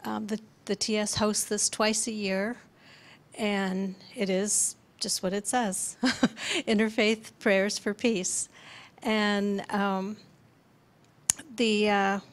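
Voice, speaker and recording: A woman hosts the evening and reads out upcoming events to a room of listeners. Her delivery is halting, full of pauses and small fillers. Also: mid-range voice, little pitch movement. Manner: hesitant, many fillers. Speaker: event host. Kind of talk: announcements. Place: lecture room with audience.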